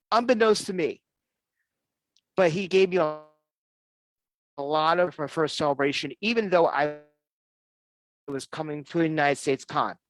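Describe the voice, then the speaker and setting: A man hosting an online fan show, chatting casually and enthusiastically, often restarting his sentences. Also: a little high. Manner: rambling, enthusiastic, with frequent restarts. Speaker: host of a fan-group show.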